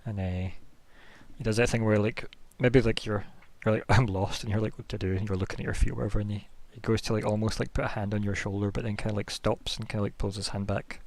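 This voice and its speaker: A man's voice: lowish voice, little pitch movement, fast talker, a little mellow. A man narrating a tabletop role-playing game as game master, describing scenes casually with many fillers.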